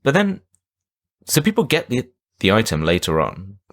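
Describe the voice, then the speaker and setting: A man with a low, deep voice co-hosts a casual podcast, recapping a film in a rambling way. His delivery swings widely up and down as he talks, full of animated inflection. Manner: rambling recap with quick silly put-on voices. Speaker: podcast co-host. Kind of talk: casual film-review banter.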